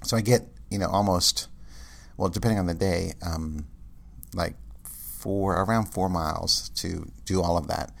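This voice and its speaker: A man's voice: low voice, steady tone, unhurried, gravelly. A man rambling casually in a monologue, with many fillers and restarts, and ranting in exasperation.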